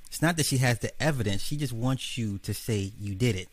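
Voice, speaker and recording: A man's voice: mid-range voice, a little fast, few pauses, no echo. A man hosting a livestream, wrapping up a debate in a blunt, profane, rambling way. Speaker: host.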